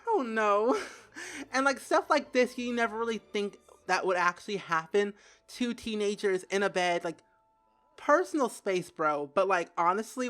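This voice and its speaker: A young woman giving casual gameplay commentary who giggles, gets excited and says "like" a lot. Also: medium pitch. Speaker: gaming video creator.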